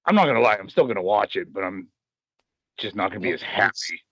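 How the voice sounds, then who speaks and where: A man co-hosting a casual podcast chat, swearing freely and reading news out haltingly. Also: lowish voice, lively intonation, a bit bright, no echo, highs cut off. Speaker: podcast co-host.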